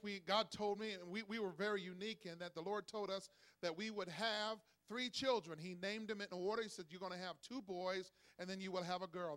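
A middle-aged man preaching a sermon as pastor, energetic and calling on the congregation to respond. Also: high-pitched. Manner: acts out voices in a joke with rising excitement. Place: church.

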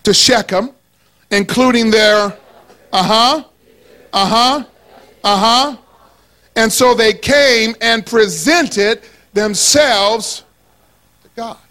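A man with a strikingly high voice preaches to a church congregation. His delivery is animated and playful, drawing the room into call-and-response and rising to shouts on key lines. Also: slow pace, long pauses. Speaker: pastor. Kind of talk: sermon.

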